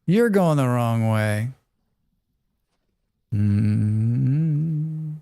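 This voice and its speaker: Male game streamer, relaxed and rambling, clear dry close voice, reads chat. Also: mid-range voice, extremely slow, dry recording. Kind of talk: casual live-stream chat while playing.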